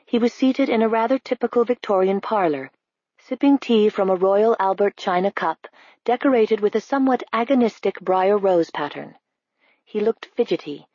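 A woman reading a novel aloud as narrator, in an even, measured way. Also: fairly low pitch, husky, dry recording, dull audio. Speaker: audiobook narrator. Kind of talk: scripted narration.

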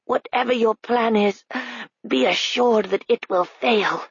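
A man's voice: high-pitched, unhurried, gravelly, a bit bright, breathy edge, dry recording, lo-fi sound, voice pushed up, full character voice. A woman voicing a proud, formal military colonel in an audiobook, raising her voice and holding it tense. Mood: strained. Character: proud wounded military colonel, composed, stiff.

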